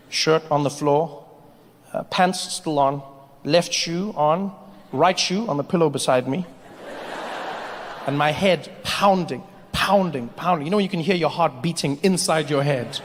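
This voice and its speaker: A man doing a stand-up comedy set, telling stories in an animated, self-mocking way. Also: fairly high pitch, slight background noise. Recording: reverberant hall, faint ambience.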